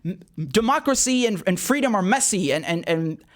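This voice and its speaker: A man's voice: high voice, expressive, moderate pace. A man doing a mocking impression of an evasive, dismissive older male politician who answers in glib, rambling phrases.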